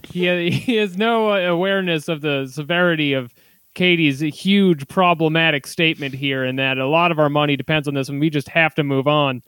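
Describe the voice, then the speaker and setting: A man's voice: on the high side, moderate pace, fairly bright tone, clear, resonant tone, no room sound. A man co-hosting a casual comedy podcast, riffing on jokes with crude humor. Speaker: podcast co-host.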